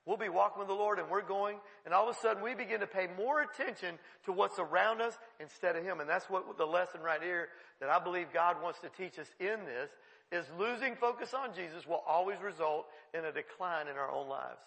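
Gravelly high-voiced preaching man. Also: long reverb tail, low-quality recording. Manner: lively preaching, acting out Bible figures, frequent chuckles. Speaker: pastor. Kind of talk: sermon. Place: church sanctuary.

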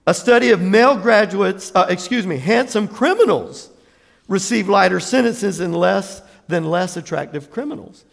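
A pastor preaching in a reverberant church hall, his voice high for a man and full of gravelly fry. He tells stories with animation, breaks into laughing asides and acts out the people he quotes. The long reverb of the sanctuary trails after each phrase. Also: animated, normal speed. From Jacksonville, Florida, USA. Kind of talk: sermon.

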